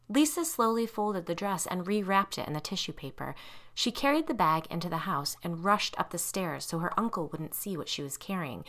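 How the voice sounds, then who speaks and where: A woman host reading a scripted ghost story aloud, with expressive narration that builds suspense. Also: mid-range voice.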